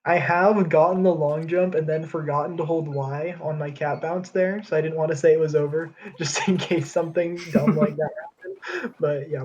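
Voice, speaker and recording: A man's voice: a little high, a little mellow, highs cut off. A man giving chatty, knowledgeable commentary on a video game speedrun, explaining tricks as he goes.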